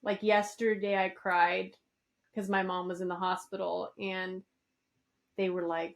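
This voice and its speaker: A woman's voice: fairly low pitch, level tone, a little slow, gravelly. A middle-aged woman co-hosting a podcast in casual chat, candid and swearing freely. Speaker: podcast co-host.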